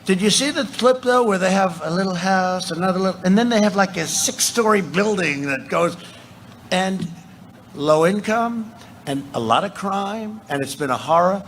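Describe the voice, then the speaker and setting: A man speaks at a rally in a fairly high voice for a man, looping back over the same points and drifting into asides. He raises his voice to a shout on his key lines. He speaks into a podium microphone with a faint hum of noise around him. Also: lively intonation, normal speed. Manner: repetitive, rambling with asides, bursts into shouts. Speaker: politician addressing a rally. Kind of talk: rally speech. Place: large rally venue.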